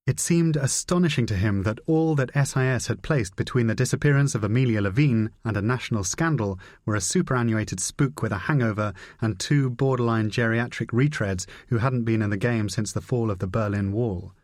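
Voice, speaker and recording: A man reading a spy novel aloud in a measured, dry narration. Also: fairly low pitch, dry recording. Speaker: audiobook narrator. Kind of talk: scripted narration.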